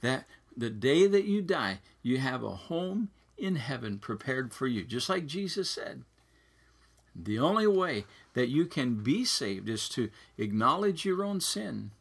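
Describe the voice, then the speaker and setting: Slow, husky-voiced male preacher. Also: sing-song. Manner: slow, earnest preaching with wide swings in pitch. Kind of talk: sermon.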